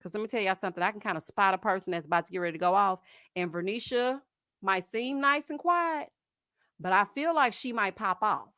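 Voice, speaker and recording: A woman hosts a casual live chat and answers viewer comments with lively gossip. She laughs often and uses plenty of slang. Her voice sits in a middle pitch, and it is recorded dry and close to the mic. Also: fairly quick, no room sound. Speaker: host of a live chat stream.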